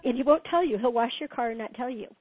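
A middle-aged woman giving relationship advice in an animated, casual way, laughing often. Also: a little high, fast talker, no room sound. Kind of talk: casual conversation. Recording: dry tinny phone-like sound.

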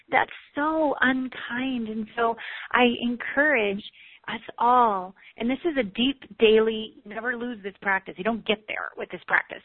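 A woman relationship coach giving a candid, animated motivational talk, swearing casually. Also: on the high side, slightly rough, dry recording. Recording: tinny phone-like sound.

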